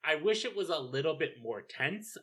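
A man's voice: fairly high pitch, sing-song, moderate pace, fairly bright tone, slightly rough. A man in a casual film discussion, dry and wry, steering the talk along.

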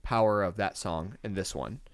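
A man's voice: deep voice, moderate pace, smooth, no room sound, clean studio sound. A man co-hosting a music podcast, talking casually in a rambling, playful way, often correcting himself mid-sentence. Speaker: podcast co-host. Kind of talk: casual chat.

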